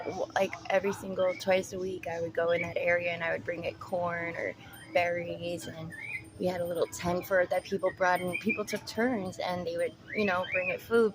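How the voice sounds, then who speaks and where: A young woman vlogging while she talks to pet birds, switching between high, drawn-out baby talk to them and rambling stories full of fillers. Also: noisy background. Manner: rambling storytelling with many fillers. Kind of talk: casual vlog, chatting to pet birds. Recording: loud bird chatter in background. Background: birds squawking.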